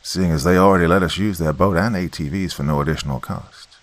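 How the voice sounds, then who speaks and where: A man's voice: deep voice, fast, no echo, natural voice. A man doing a polite, formal navy seal. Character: respectful male navy seal, polite and appreciative.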